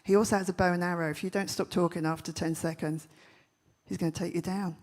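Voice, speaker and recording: A woman giving a comic keynote talk on stage, telling punchy stories with quick, brash jokes. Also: fairly low pitch, steady tone, a little mellow. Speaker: festival speaker. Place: large event stage.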